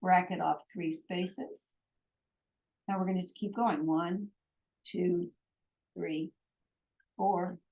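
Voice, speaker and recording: A woman teaching a Hebrew lesson, slowly and patiently drilling vowel sounds and letters at a board in a classroom. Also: on the low side, vocal fry, mellow, husky, highs cut off.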